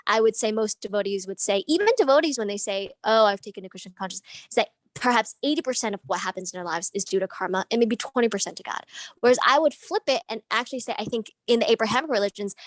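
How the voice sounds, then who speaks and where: With a medium-pitched voice and poor, echo-free audio, a woman from the audience asks a long, earnest question during an online group discussion. She thinks out loud, restarting as she searches for the right words.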